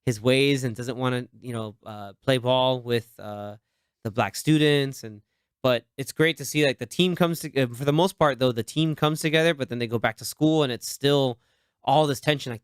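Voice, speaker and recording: A man's voice: mid-range voice, smooth, no room sound, studio quality. A man hosting a podcast, chatting casually and animatedly about movies and acting out favorite lines. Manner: animated, quotes film lines in put-on voices. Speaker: podcast host.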